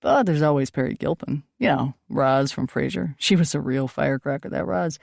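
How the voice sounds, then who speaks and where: Woman reading as a playful, teasing young man, eccentric ghost hunter; light gravel in the tone, dry close mic. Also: deep voice, expressive, normal speed, darkish tone, no echo, exaggerated voice. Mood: joking. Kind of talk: audiobook dialogue.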